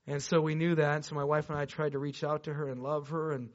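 Male pastor, high voice, animated sermon storyteller, dull lo-fi sound. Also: fast. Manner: animated, swinging between loud excited bursts and hushed low passages; chatty, addresses the congregation directly with asides. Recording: dull lo-fi recording.

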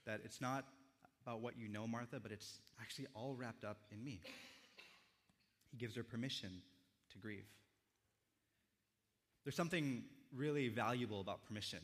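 A young male pastor preaches in a gentle, reflective way, letting quiet pauses sit between his thoughts. His voice sits at an ordinary middle pitch. The sound carries the long reverb of a large church hall. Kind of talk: sermon.

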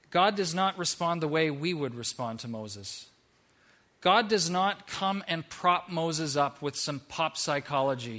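A male pastor preaching from the pulpit with an animated, lively delivery. His voice is bright and forceful and sits a touch above the usual male pitch. He mixes earnest points with playful mock voices. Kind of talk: sermon.

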